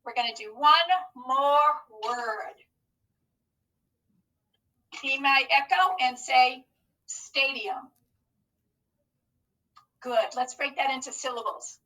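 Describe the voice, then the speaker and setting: A woman with a high, bright voice leads young children through a phonics lesson. She takes her time, spells each letter out slowly and praises their answers. Her voice sounds a little distant from the mic. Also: fairly even intonation. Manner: slow, clearly enunciated, encouraging teacher talk. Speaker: teacher.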